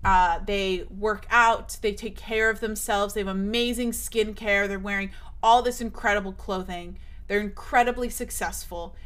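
A woman's voice: medium pitch, steady tone, moderate pace, fairly bright tone. A young woman streaming, chatting casually, emphatic and swearing often, her voice shooting up when she gets worked up.

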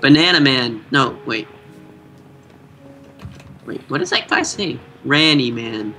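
A young gaming YouTuber co-host chats casually while playing a game with a friend, relaxed and quick to laugh, with hesitant fillers. His mid-range voice moves slowly over soft background music.

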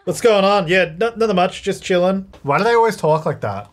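Lively-voiced man narrating his gameplay. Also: sits high. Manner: chatty, thinks aloud, self-correcting; excitable bursts, quick laughs. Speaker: gaming channel host. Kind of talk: let's-play gameplay commentary.

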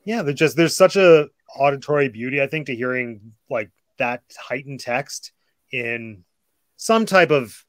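An enthusiastic man leads a casual chat, gushing over what he loves. His voice is mid-pitched and heard close and dry, with no room around it. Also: lively intonation, unhurried, no room sound. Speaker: host. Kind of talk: casual discussion.

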